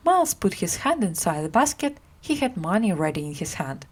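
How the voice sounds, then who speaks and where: A woman's voice: fairly quick, breathy edge. A woman reading a simplified classic story aloud for English learners, acting out the characters as she goes. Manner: acts out characters with lively pitch.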